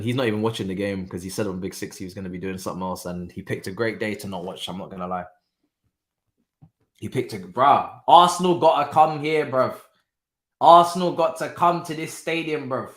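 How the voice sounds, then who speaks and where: A young man hosting a casual live football watchalong, talking in an animated, repetitive way with lots of slang and laughter. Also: mid-range voice, normal speed. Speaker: watchalong host. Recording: roomy echo.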